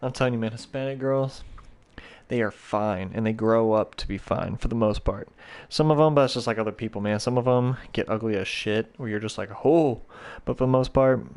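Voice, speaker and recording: A man's voice: mid-range voice, darkish tone. A young man hosting a podcast, telling a rambling, profane story in a casual, slangy way. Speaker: podcast host.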